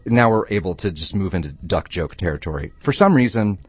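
A man hosting a call-in radio show who tells jokes in a playful, animated way. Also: low-pitched, fairly quick, slightly rough, no room sound, soft background music. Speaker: radio host.

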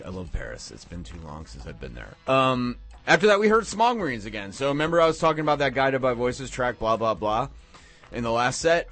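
Rambling, excitable male radio DJ. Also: on the low side. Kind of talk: casual on-air chat between songs. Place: radio studio.

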